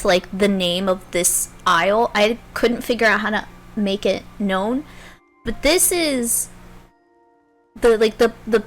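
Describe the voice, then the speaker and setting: A fairly high-voiced woman streamer recapping her game in casual chat. She tells it like a story, animated and cursing freely, with faint music playing underneath. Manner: animated, swears freely, storytelling with acted quotes.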